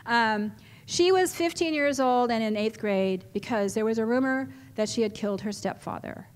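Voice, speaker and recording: A middle-aged woman, giving an animated storytelling talk to a live audience in a large hall. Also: fairly high pitch, normal speed, smooth. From California, USA. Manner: animated, chatty, laughs often, with restarts. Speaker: symposium speaker. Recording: echoey hall reverb.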